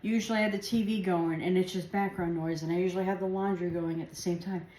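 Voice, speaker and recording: A woman's voice: lowish voice, steady tone, fast, warm tone. A woman chatting casually while she cooks and tastes food in her home kitchen, rambling from one thought to the next. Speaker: home cooking vlogger. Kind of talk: casual chat while cooking. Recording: echoey kitchen with faint household noise.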